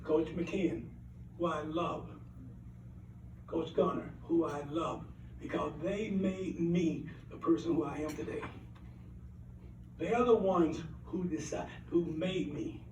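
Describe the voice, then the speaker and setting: High-voiced older man speechmaking in a hall. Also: slow, long pauses, a little mellow, a little hiss or hum. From Alabama, USA. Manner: rambling, anecdotal, earnest, repeats phrases for emphasis. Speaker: award recipient giving acceptance speech. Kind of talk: heartfelt acceptance speech. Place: banquet hall at an awards event. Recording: roomy hall, mic at a distance.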